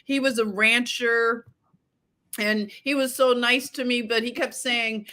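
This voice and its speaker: A woman co-hosting a casual chat, telling animated stories and laughing often. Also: on the high side, measured pace. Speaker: podcast co-host.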